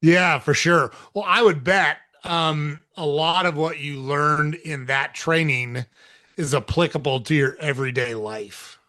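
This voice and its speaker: A man hosting a podcast, asking measured questions with a few ums in casual interview chat. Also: on the high side, steady tone, pushed and bright. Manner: measured, uses fillers like "um". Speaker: podcast host.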